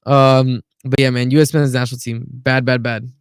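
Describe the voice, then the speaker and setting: A man's voice: medium pitch, level tone, moderate pace, smooth, no echo, clean studio sound. A man co-hosting a casual football chat on a video call, blunt and opinionated. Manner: blunt, opinionated, says "bro" a lot. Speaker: podcast co-host.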